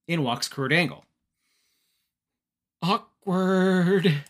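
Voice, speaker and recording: A man's voice: fairly high pitch, lively intonation, a little slow, fairly bright tone. A man from Canada giving a joking, casual wrestling recap as a podcast host. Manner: joking, chatty.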